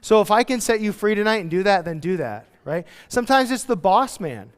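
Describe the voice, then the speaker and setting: A man's voice: high voice, lively intonation, brisk, hardly any pauses, smooth, long reverb tail. A man preaching a verse-by-verse sermon as a pastor, chatty and conversational, acting out the people he quotes. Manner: conversational, acts out quotes in voices. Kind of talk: expository sermon. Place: church hall.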